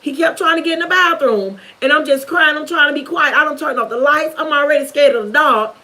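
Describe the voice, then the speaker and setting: A young woman vlogger with a high voice gives an emotional personal testimony to the camera, telling her viewers about something painful from her past. Her tone is brisk, bright and forceful, and she tells it with earnest intensity, repeating the same words to press them home. The recording quality is low.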